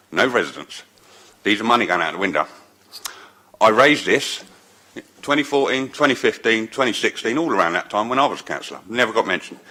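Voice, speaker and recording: Bright-voiced guy at a council meeting, blunt and worked up. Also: medium pitch. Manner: emotional, raises his voice, blunt. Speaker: council tenant speaking at a public meeting. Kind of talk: impassioned public statement.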